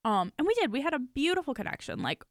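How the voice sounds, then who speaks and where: A woman's voice: high voice, sing-song, quick pace, no room sound, studio quality. A woman telling a personal story in casual chat, acting out the quotes, swearing and laughing often. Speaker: podcast co-host telling a story.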